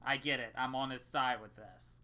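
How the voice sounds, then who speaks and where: A man's voice: medium pitch, steady tone, normal speed, pushed and bright. A young man co-hosting a podcast in casual chat, rambling and swearing freely. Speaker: podcast co-host.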